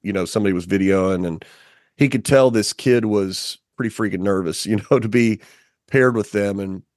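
A man's voice: lowish voice, normal speed, dry recording, clean studio sound. A man in casual conversation, a podcast guest who tells stories animatedly with lots of fillers. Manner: animated storyteller, many fillers.

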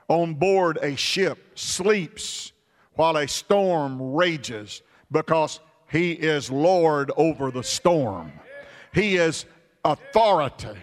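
A man preaching a sermon with an emphatic, repetitive cadence that now and then bursts into shouts. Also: fairly high pitch. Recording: long reverb of a large hall.

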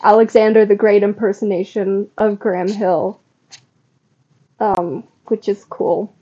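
A woman's voice: medium pitch, flat delivery, unhurried, dark tone, dull audio. A woman co-hosting a podcast in casual chat, talking in a chatty, giggly way with lots of fillers. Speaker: podcast co-host. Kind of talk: casual chat about a comedy show.

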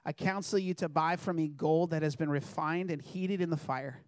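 A man's voice: on the high side, fairly even intonation, moderate pace, a little mellow, clear, resonant tone, no echo, studio quality. A man preaching a sermon in an earnest, conversational way, reading scripture aloud and addressing the congregation directly.

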